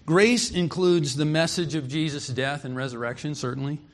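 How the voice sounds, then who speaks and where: A man's voice: on the high side, normal speed. A man preaching an expository sermon, earnest and emphatic, reading scripture aloud and explaining it.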